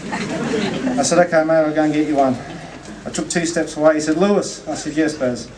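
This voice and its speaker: A man with a slightly high, a little mellow voice speaks fairly fast at a memorial gathering, giving a eulogy built around a funny story with acted-out dialogue. The distant mic picks up room ambience and slight background noise.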